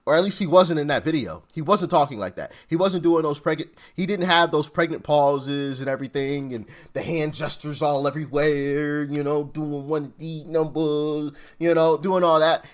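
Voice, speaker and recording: A man's voice: a little high, moderate pace, few pauses. A man hosting casual political reaction commentary, laughing and exasperated, talking in informal slang.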